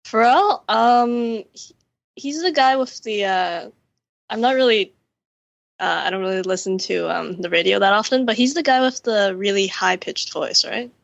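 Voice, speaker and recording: Young Canadian female guest, nervous and halting, vocal fry, dry sound. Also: mid-range voice, no room sound, dull audio. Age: young adult. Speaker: podcast guest. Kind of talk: casual chat.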